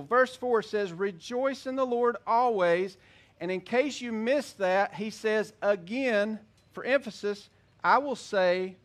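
A man preaching a sermon as a pastor, earnest, reading scripture slowly and with emphasis. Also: sits high, a bit bright.

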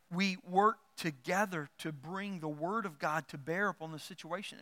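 A middle-aged man, a pastor, preaching a sermon, animated and emphatic, repeating words as he builds his point. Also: high voice. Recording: long hall reverb.

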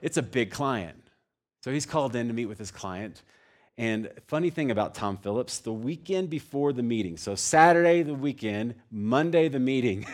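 A young adult man telling a story in a sermon, animated, swinging between loud excited bursts and hushed, low passages. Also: moderate pace. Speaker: pastor.

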